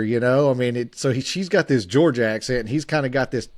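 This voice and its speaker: A man in his forties, a podcast co-host, telling a story in a halting way with many fillers and restarts. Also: mid-range voice, darkish tone, dry recording, studio quality.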